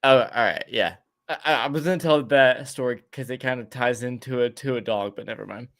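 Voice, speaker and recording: A man's voice: mid-range voice, a little fast, fairly bright tone. A man co-hosting a podcast, telling a long story in a casual way, often stumbling, repeating words and restarting. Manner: laughs between lines. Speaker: podcast co-host.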